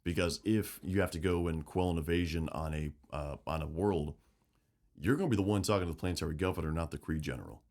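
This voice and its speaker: A man co-hosting a casual podcast chat about a game setting, swearing freely and acting out characters' lines. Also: sits low. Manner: animated, swearing, acts out quotes. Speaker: podcast co-host.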